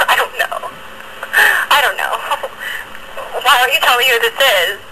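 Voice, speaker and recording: A young woman chatting on the phone, slow in pace, half-laughing and puzzled as she keeps pressing to learn who is calling. Her voice comes through a noisy phone line. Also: on the high side, animated, bright, forceful tone. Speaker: prank call target. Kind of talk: casual phone conversation. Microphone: telephone.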